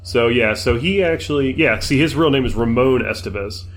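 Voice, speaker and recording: A man's voice: mid-range voice, moderate pace. A man co-hosting a podcast in casual chat, laid-back and often laughing. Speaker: podcast co-host.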